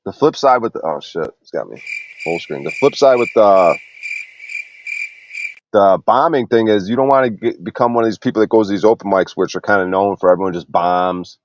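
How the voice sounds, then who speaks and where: A man's voice: fairly low pitch, a little fast, slight background noise. A man who does comedy, chatting loosely on an online panel. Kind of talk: casual panel talk. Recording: dry, dull remote-call audio.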